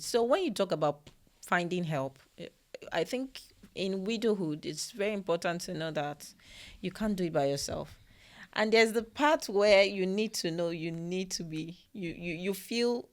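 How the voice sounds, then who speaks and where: A woman from Nigeria co-hosting a podcast, speaking in a fairly low voice. She tells a personal story in a relaxed, conversational way, earnest and full of repeated phrases for emphasis. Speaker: podcast co-host. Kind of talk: casual chat.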